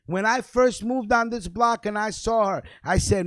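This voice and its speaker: A man's voice: sits high, normal speed, hardly any pauses, fairly bright tone, no room sound. A young man hosting a radio show, delivering a fiery, profane, repetitive freestyle rant.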